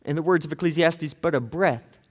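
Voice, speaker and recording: A man preaching a sermon as pastor, earnest, moving between hushed and intense delivery, often repeating words as he starts a phrase. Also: fairly high pitch, unhurried, big-room sound. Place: church sanctuary.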